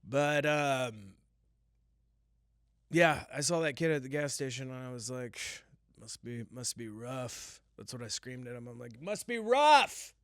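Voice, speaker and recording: A young man hosting a solo podcast, telling rambling jokey stories and breaking into sudden loud yelps. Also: mid-range voice, steady tone, unhurried, no room sound, clean studio sound. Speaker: podcast host. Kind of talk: casual solo podcast rant.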